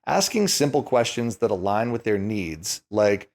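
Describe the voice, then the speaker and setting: A man giving a scripted explainer lesson on selling, in a clear, measured teaching voice. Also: fairly low pitch, sing-song, a little mellow. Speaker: YouTube educator.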